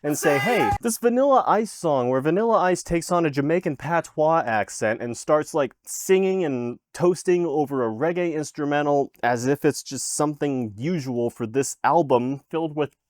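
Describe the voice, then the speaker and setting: A man's voice: on the high side, lively intonation, moderate pace, few pauses, darkish tone, dry recording, studio quality. A man reviewing an album in casual commentary, exasperated and sarcastic, swearing often. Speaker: music reaction host.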